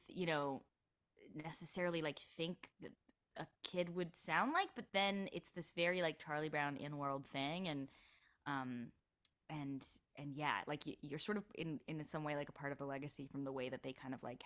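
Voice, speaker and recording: A young actress talks as a podcast guest. Her voice sits low but has a bright, forward edge. She rambles happily and scatters "like" through every sentence. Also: steady tone, normal speed. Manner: chatty, lots of "like" fillers. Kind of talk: casual interview chat.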